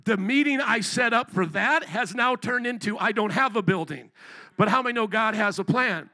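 A man's voice: high voice, normal speed, sharp tone. A man preaching as a pastor at a church service, telling a story in a casual, conversational way. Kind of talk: sermon.

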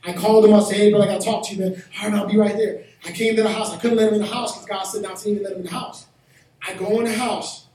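A man preaches to his congregation, telling a personal story before rising to shouted exhortation. His voice sits very high for a man. The sound carries the heavy echo of a church hall, and he is picked up from some distance away from the mic. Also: fairly even intonation, rapid-fire. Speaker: pastor. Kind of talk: sermon.

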